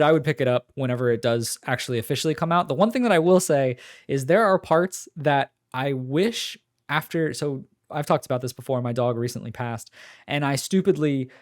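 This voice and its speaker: A man co-hosts a casual podcast, recapping game demos in a loose, rambling way. He uses lots of fillers and his voice sits at an ordinary middle pitch. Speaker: podcast co-host.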